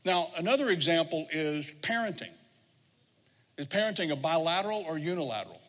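A man's voice: a little high, expressive, a little fast, fairly bright tone. A middle-aged man preaching a sermon as pastor, telling stories and acting out the people he quotes. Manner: storytelling, acts out quoted voices. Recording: long hall reverb.

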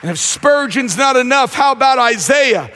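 A man preaching a sermon in a church, repeating phrases and building to shouted emphasis. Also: very high voice, animated, normal speed, big-room sound, some chatter behind, a little hiss or hum. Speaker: pastor. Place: church sanctuary.

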